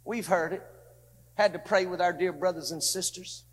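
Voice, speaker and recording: A pastor preaching a fervent sermon in a church, repeating phrases and quoting people in dialogue. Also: male voice, high-pitched, normal speed. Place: church sanctuary. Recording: echoey church hall.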